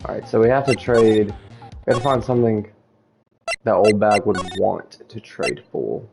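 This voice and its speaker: Chatty let's play guy, gravelly voice, game music going. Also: fairly low pitch, moderate pace. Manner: chatty, friendly asides to viewers. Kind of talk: casual game commentary.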